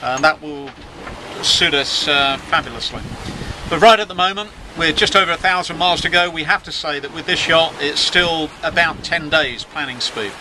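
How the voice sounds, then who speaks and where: A middle-aged man, skippering a sailing yacht, chats into his video diary on deck at normal speed in a slightly high voice. Wind and waves run under his wry, self-mocking, conversational talk.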